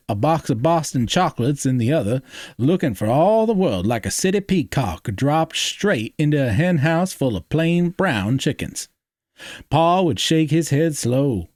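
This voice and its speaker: A man reads his own draft aloud with a folksy storyteller's lilt. His pitch rises and falls in a lively way. The sound is dry and close, with no room echo. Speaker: writer reading his draft. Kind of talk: reading aloud a first-person Southern story.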